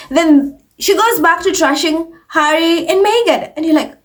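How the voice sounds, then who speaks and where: A woman's voice: extremely high pitch, measured pace. A woman hosting an opinionated commentary vlog, talking in a sarcastic, mocking way and putting on voices to imitate people. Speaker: commentary channel host.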